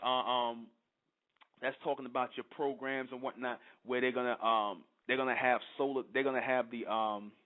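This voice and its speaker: A man hosting his own channel, reading scripture aloud and commenting on it bluntly and profanely, often asking "you understand?" and stumbling over the old wording. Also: mid-range voice. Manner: stumbles and restarts over archaic verses. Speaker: channel host. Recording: tinny phone-like audio.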